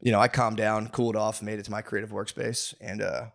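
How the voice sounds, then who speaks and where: A man's voice: lowish voice, level tone, fairly quick, gravelly, fairly bright tone. A man hosting a comedy podcast, telling a long profane story as a rambling, mock-aggressive rant full of restarts and asides. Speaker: podcast host. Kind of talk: comedic ranting monologue.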